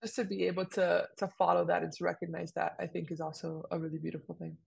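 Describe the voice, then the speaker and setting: A young podcast co-host talks fast in a husky, lowish voice with vocal fry. Her manner is chatty and animated, packed with fillers, as she keeps the conversation casual.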